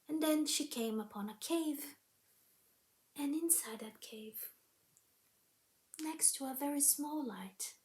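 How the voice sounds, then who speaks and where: Slow, whispery woman telling a fairy tale. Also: sits high, darkish tone. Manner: slow, dramatic, drops often into a whisper. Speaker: storyteller. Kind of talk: oral fairy-tale storytelling. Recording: roomy echo.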